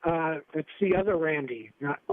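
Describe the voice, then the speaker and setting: A man's voice: a little high, moderate pace, dry recording. Hesitant man calling in over a tinny phone line. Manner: hesitant and sarcastic. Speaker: caller. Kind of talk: phone-in call to a talk show.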